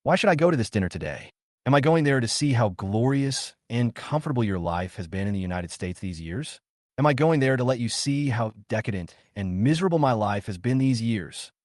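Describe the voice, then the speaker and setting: A man's voice: medium pitch, expressive, brisk, a little mellow, no echo, studio quality, natural voice. A man voicing a bitter, resentful young street vendor.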